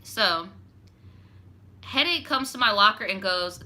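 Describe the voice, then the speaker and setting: A woman's voice: medium pitch, lively intonation, slow pace, long pauses, bright, forceful tone. A young woman reading a viewer's story aloud, breaking off for frank, profane, sassy commentary full of "like". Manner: frank, profane, sassy asides, heavy use of "like". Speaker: storytime channel host.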